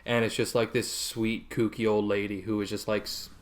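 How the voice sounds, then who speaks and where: A man's voice: lowish voice, level tone, moderate pace. A young man co-hosting a podcast, telling a story in casual chat, swearing often and laughing as he goes. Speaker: podcast co-host. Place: a house. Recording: echoey room.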